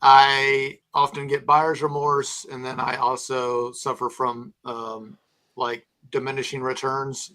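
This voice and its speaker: Bright-toned, hesitant male guest. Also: mid-range voice, flat delivery, slow pace. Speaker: guest on the show. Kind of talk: casual call-in chat.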